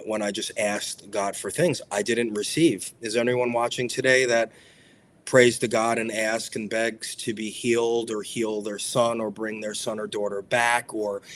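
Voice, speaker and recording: A man's voice: fairly low pitch, slight background noise. A man hosting a motivational spiritual talk, emphatic and repetitive in a preacherly way. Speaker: spiritual speaker and show host.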